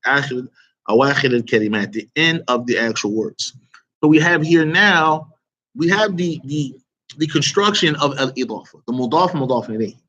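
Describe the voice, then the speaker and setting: A man's voice: medium pitch, moderate pace, pushed and bright, muffled recording. A man teaching an online Arabic grammar lesson, quizzing students and praising their answers with casual asides.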